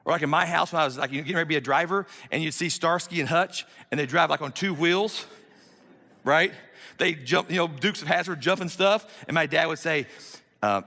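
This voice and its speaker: Speaking fairly quickly in a slightly high, gravelly voice with a sharp tone, a man in his fifties preaches in a church sanctuary. His sermon is emphatic and conversational, full of rhetorical questions, and the church's long hall reverb carries through the recording.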